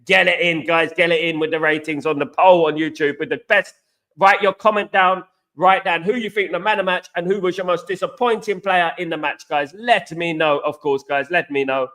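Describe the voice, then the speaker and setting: A man's voice: a little high, fairly even intonation, moderate pace, sharp tone. An English man hosting a casual live stream, chatting to viewers and reading out their comments, calling them guys and mate. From England.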